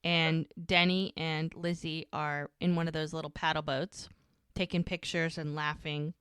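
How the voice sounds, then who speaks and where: Podcast co-host, woman, lowish voice, dry close sound, casual scene-by-scene recapper. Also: level tone, fairly bright tone, smooth, no room sound. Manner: retells scenes quickly in running narration. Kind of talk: casual chat recapping a TV episode.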